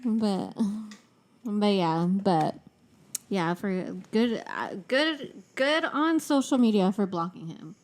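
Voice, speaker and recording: A young woman co-hosting a casual podcast, her voice sitting at a middle pitch. She laughs often and swears freely as she chats. Her talk is loose and animated. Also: takes it slowly. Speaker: podcast co-host. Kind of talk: casual chat.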